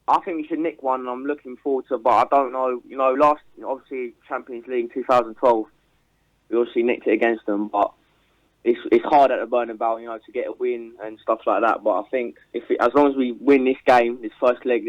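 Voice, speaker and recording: A man's voice: medium pitch, fairly even intonation, brisk, no room sound. Hesitant male caller on a dull phone line. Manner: hesitant, lots of fillers, plain talk. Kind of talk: casual phone call.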